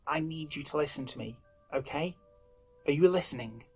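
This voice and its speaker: A man's voice: a little high, normal speed, fairly bright tone, slightly rough, faint music behind. A man voicing a terrified husband on the phone, pleading and cracking under strain. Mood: urgent. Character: frantic, terrified middle-aged husband on the phone.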